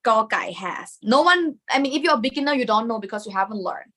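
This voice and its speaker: A woman's voice: fairly high pitch, animated, racing, sharp tone. A woman with a Thai accent teaching a live online lesson, explaining step by step and dropping Thai particles into her English.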